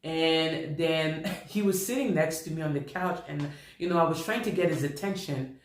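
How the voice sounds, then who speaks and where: A man vlogger recounting a personal storytime in an animated way, often repeating himself. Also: on the high side, moderate pace, slight background noise. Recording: roomy echo.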